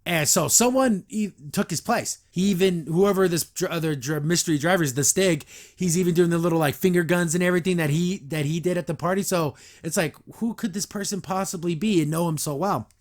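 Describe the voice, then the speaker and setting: A man hosting a podcast, reviewing a cartoon episode in a rambling, animated way, acting out the characters as he retells it. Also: sits high, fairly quick. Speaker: podcast host.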